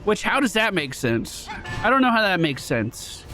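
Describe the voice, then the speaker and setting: A man casually commenting on his game run, chatty and excitable, thinking out loud and swearing now and then. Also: sits high, moderate pace, faint music behind. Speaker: let's play streamer.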